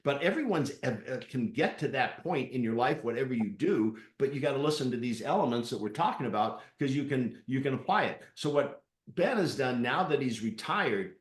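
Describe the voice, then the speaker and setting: A male interviewer and coach who spins animated anecdotes and acts out the voices in them. His pitch sits in the middle. The room gives his voice a roomy echo. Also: brisk, few pauses. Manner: animated storyteller with acted-out quotes. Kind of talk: live interview with storytelling.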